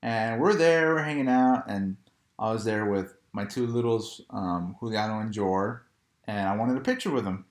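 A man's voice: on the low side, moderate pace. A young man, co-hosting a casual chat in a laid-back storytelling manner, laughing often. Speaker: podcast co-host. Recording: echoey room.

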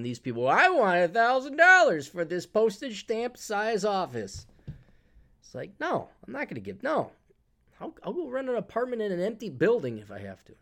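Male podcast host ranting sarcastically, lively up-and-down voice, does little mock quotes. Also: medium pitch. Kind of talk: casual monologue.

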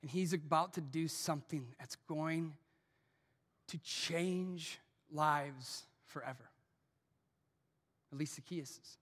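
A man preaching a sermon as pastor in a church, swinging from hushed lines to shouted peaks. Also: on the high side, slow pace, long pauses, in a large hall. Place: church auditorium.

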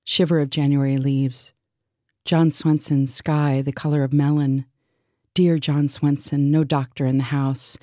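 Deep-voiced woman, deadpan surreal list reading, slow and mellow, dry close sound. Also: dry recording. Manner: deadpan, absurd, listing. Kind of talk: surreal spoken word list.

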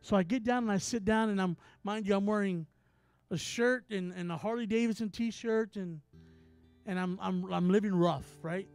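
A man who is a traveling minister, telling a story in a sermon with animated, acted-out dialogue. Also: high voice, moderate pace, clear, resonant tone, no echo, faint music behind.

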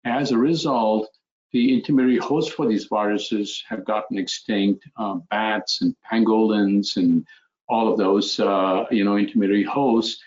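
A man, a physician, speaking reflectively in an interview, with many pauses and fillers as he tells stories. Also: fairly low pitch, steady tone, darkish tone, muffled recording. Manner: hesitant, many fillers, storytelling. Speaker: physician guest.

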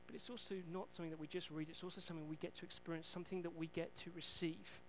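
A man preaching a sermon, retelling Bible stories in an animated way with self-deprecating asides. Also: fairly high pitch, racing, a little hiss or hum, poor audio.

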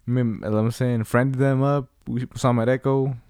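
A young man in casual chat with a friend, relaxed and slangy, adding short comments. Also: mid-range voice, measured pace, smooth, dry recording, studio quality. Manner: relaxed, slangy, chiming in briefly.

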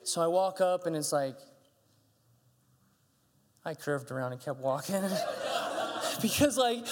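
A middle-aged man preaches from a church stage, his voice sitting high for a man. He tells stories in an animated way and acts out the dialogue as he goes. A long reverb trails off each phrase in the hall. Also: measured pace, long pauses, slight background noise. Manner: animated, acts out dialogue with big pitch jumps. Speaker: pastor. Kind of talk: sermon storytelling.

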